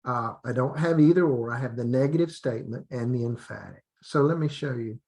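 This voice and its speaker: A man, an English teacher, explaining classroom methods in a relaxed training talk, repeating drill phrases and restarting often. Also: mid-range voice, fairly quick.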